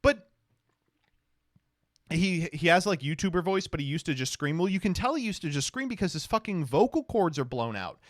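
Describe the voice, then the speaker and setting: A man's voice: fairly high pitch, lively intonation, quick pace, hardly any pauses, dry recording. Sarcastic streamer guy reacting to tweets, voice jumps all over, dry close sound, laughs and swears a lot. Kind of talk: casual reaction commentary.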